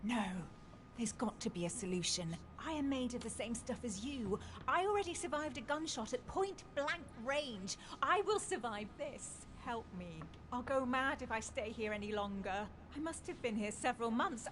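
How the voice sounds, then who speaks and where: A woman's voice: fairly high pitch, very animated, normal speed, fairly bright tone, slight background noise. An actress voicing a desperate, vengeful young woman's ghost in a video game, pleading and spiteful by turns.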